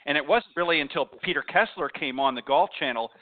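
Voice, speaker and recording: Canadian host on a tinny phone line. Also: male voice, on the high side, fast. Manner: brief agreeing replies, casual. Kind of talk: interview chat.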